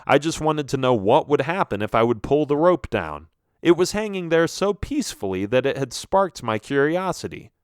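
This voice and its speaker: A man narrating a children's storybook in the first person, with an animated, expressive reading. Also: on the high side, normal speed, clean tone, dry recording, clean studio sound. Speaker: audiobook narrator.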